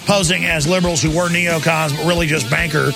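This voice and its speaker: A man's voice: fairly high pitch, steady tone, a little fast, vocal fry, over music. A male talk show host delivering an angry, sarcastic ranting monologue.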